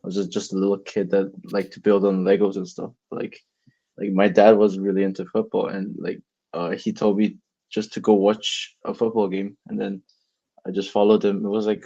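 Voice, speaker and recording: A man's voice: on the low side, mellow, slightly rough, highs cut off. A teenage man, a guest on a casual podcast, rambling with lots of "like" and restarts.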